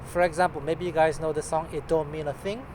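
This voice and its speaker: Man, guitar teacher, casual lesson, jokey, counting beats, fairly high voice. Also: fairly even intonation, fast, heavy background noise. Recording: loud guitar playing under voice.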